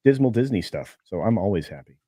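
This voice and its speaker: A man's voice: on the low side, lively intonation, brisk, warm tone, no room sound, studio quality. A man chatting as a podcast panelist, wry and rambling. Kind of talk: casual panel chat.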